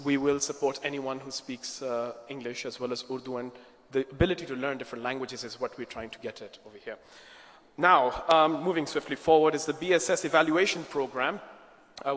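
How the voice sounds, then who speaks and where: A man's voice: medium pitch, fairly bright tone. A man moderating a conference and introducing the next speaker, talking conversationally with polite asides. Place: large conference hall. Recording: echoey hall, long reverb.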